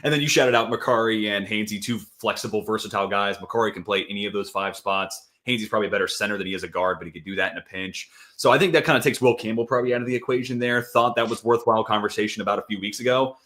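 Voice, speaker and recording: Fast-talking low-voiced man in casual sports chat. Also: fairly bright tone. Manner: quick, loose, peppered with "dude" and "like". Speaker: fantasy football podcast co-host.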